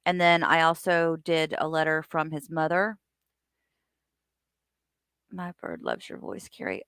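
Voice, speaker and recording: A chatty woman hosts a relaxed livestream, greeting her viewers by name. Her voice sits a little low, and the sound is dry and close. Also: a little slow, clean tone, dry recording. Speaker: livestream host. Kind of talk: casual livestream chat reading viewer comments.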